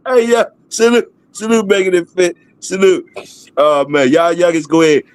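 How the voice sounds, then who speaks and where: A man's voice: high-pitched, steady tone, moderate pace, smooth. A middle-aged man with a Baltimore accent hosting a livestream, laid-back and laughing, in casual streetwise talk. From DMV area of the US. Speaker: livestream host. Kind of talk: casual chat.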